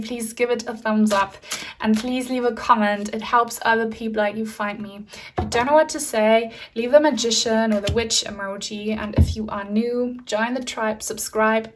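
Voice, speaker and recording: A woman reads tarot cards for her viewers, giving earnest, direct advice that is broken up by frequent ums and likes. Her voice sits fairly high. She sounds a little distant from the microphone. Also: a little hiss or hum. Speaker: tarot reader. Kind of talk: tarot reading to camera.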